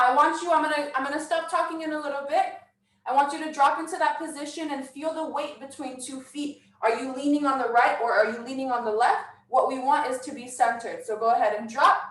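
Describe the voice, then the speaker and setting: A woman teaching a dance workshop, coaching brisk and counting steps, a little out of breath. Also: high-pitched, fairly bright tone, reverberant, recorded from a distance, poor audio. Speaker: dance instructor. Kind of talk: online dance workshop instruction. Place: house.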